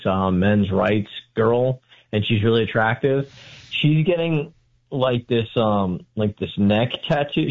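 A man calling in to a talk show, hesitant and full of fillers. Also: mid-range voice. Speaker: caller. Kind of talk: call-in chat. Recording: tinny phone line.

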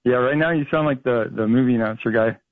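A man's voice: mid-range voice, fast, no echo. Joking male caller on a phone line. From Florida. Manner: joking, hesitant with fillers. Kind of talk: call-in radio chat.

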